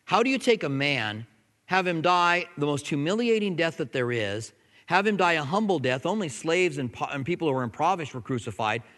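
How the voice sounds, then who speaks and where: A man preaching to his church in an easy, conversational way, now and then sinking into a soft, intense hush. His voice sits a little high. The sound carries the long reverb of a large hall. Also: lively intonation, a little fast. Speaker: pastor. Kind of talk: sermon.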